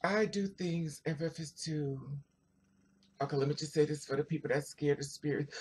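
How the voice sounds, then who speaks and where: Husky, chatty storytelling vlogger. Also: medium pitch, moderate pace. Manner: animated, chatty storytelling with asides to viewers. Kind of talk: casual storytelling to camera.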